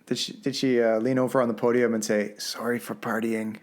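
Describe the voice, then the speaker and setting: A man's voice: mid-range voice, little pitch movement, fast talker. Canadian guy host, jokey, rambly questions, casual podcast chat. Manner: chatty, joking, rambling questions.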